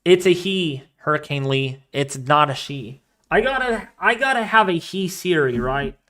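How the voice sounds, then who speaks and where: A man hosting a live weather stream, talking casually and excitably, rambling off into asides while reading the models and the chat. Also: on the high side, unhurried. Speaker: weather livestream host.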